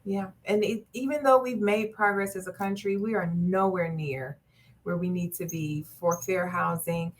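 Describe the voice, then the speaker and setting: A woman's voice: on the low side, steady tone, moderate pace. A woman real estate agent guest on a podcast, giving firm, direct advice. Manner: firm, advisory. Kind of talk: podcast interview.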